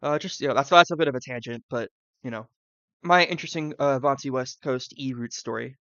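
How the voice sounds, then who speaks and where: A man's voice: mid-range voice, brisk, pushed and bright, no room sound, lo-fi sound. A man from the Southern US, streaming live and thinking aloud, rambling with fillers and side tangents.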